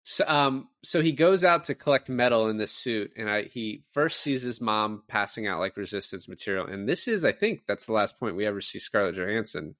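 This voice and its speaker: Male co-host, animated casual talker, dry studio sound. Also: lowish voice, a little fast, few pauses, no echo. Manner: animated, acts out quotes with laughs. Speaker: podcast co-host discussing a film. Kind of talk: casual chat.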